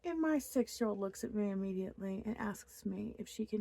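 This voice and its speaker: A woman's voice: mid-range voice, animated, a little fast, vocal fry, dark tone. A woman in her thirties chatting casually to camera from her home office, rambling and openly upset. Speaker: crochet vlogger.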